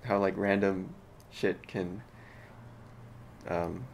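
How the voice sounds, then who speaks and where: Easygoing low-voiced man hosting a stream. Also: level tone, drawn-out words. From Miami. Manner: easygoing, reads chat questions aloud. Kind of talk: casual livestream chat.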